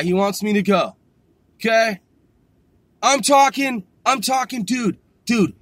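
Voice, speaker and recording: A man's voice: very high-pitched, sharp tone, dry recording. A middle-aged man ranting in an exasperated, profane way, repeating himself and swearing constantly. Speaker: vlogger. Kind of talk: ranting monologue.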